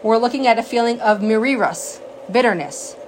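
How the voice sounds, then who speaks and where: Animated woman teaching a sacred text. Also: fairly high pitch, normal speed, slight background noise, rough recording. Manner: animated storyteller, acts out quotes. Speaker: Torah teacher.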